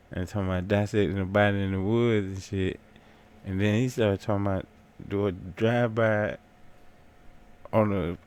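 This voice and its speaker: Deep-voiced man reacting to rap. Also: a little mellow, clear, resonant tone. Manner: loose, profane, talks over the track. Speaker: music reaction host. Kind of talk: casual reaction commentary. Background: faint hip hop track playing.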